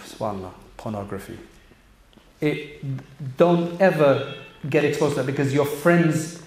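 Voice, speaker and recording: The voice is male, fairly high-pitched, and darkish in tone. As an Islamic speaker in an echoey room, he addresses youth and parents with an earnest, direct religious talk built around rhetorical questions.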